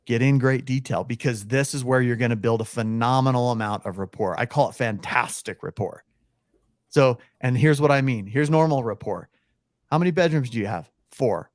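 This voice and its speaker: A man's voice: mid-range voice, normal speed, no room sound, clean studio sound. A man being interviewed on a podcast as a real estate coach, energetically acting out phone scripts. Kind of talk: podcast interview, coaching with role-played calls.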